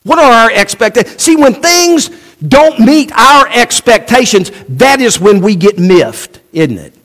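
A man's voice: very high-pitched, sing-song, unhurried, a bit bright. A man preaching a sermon, asking rhetorical questions and acting out quoted voices. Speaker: pastor.

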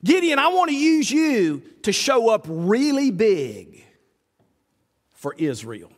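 This time the preacher's voice is extremely high and he takes it slowly. His sermon is folksy, full of animated, acted-out dialogue with God, captured in a reverberant hall.

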